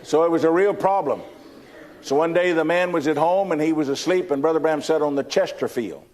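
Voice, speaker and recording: A man's voice: fairly high pitch, fairly quick, darkish tone. An older man with a Texan accent, telling a folksy testimony in a sermon, often repeating words as he starts a sentence. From Texas. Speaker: preacher giving a testimony. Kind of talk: storytelling sermon.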